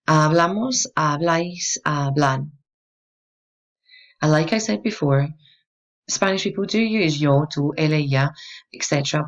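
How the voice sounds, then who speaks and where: A woman teaching a language lesson, explaining clearly and patiently and encouraging the listener to repeat after her. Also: low voice, muffled recording. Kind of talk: instructional explanation.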